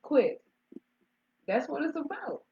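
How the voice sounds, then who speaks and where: This movie review co-host has a high-pitched, sing-song voice that's slow, creaky and warm. She recaps the plot casually and chattily, with restarts along the way. The recording sounds dull and lo-fi.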